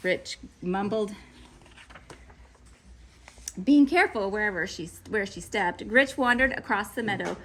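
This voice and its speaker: A woman reading a children's picture book aloud, with playful, expressive narration. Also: mid-range voice, moderate pace, few pauses. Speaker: storybook reader.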